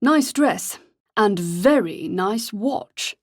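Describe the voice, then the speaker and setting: A woman's voice: medium pitch, lively intonation, extremely slow, a little mellow, heavily acted. A woman reading the part of a cold, ruthless male gang leader with a clipped, educated English accent and a curt, menacing way of speaking.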